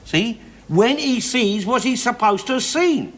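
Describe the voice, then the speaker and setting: A blustering older Cockney bloke, sure of every opinion and swearing as he goes. The voice sits strikingly high for a man. There is a steady hiss of an old television soundtrack behind him. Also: unhurried, full character voice. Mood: ranting. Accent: London Cockney. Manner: loud, ranting, argumentative, keeps swearing. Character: blustering older London working-class man, opinionated football fan. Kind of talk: 1970s television sitcom acting.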